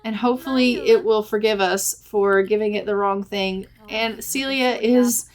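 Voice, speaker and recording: A woman giving casual, chatty let's-play commentary, giggling and voicing her characters' thoughts in quick asides. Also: medium pitch, steady tone. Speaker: gameplay narrator.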